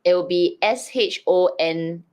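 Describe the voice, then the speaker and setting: Slow-talking playful woman practicing words. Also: on the low side, darkish tone, clear, resonant tone. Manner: playful, repeats words slowly while practicing. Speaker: co-host learning pronunciation. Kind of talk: casual livestream chat.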